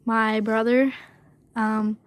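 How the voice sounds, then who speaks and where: A storyteller vlogger, this woman relates a personal story casually, stumbling along with plenty of "basically" and "um". Her voice sits on the high side, level in tone, with no echo.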